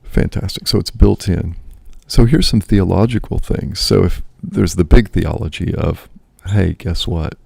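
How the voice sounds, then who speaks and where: A man's voice: deep voice, a little slow, vocal fry, hardly any pauses, mellow, husky, dry recording. A man, a priest and host, musing aloud in casual spoken reflection, often checking in with "right?".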